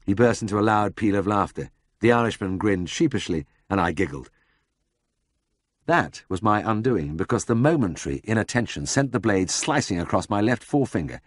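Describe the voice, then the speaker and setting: A man reads a first-person memoir in a measured storytelling manner. His voice sits fairly low with a husky grain and an animated melody, recorded dry and close. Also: no echo. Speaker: audiobook narrator.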